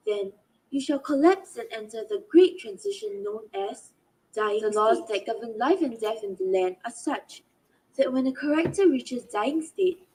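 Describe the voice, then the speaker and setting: A man voicing a high-pitched female guide who reads out game instructions in a formal, instructive way. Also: mellow, slightly rough, full character voice, poor audio. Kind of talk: reading game text aloud in character.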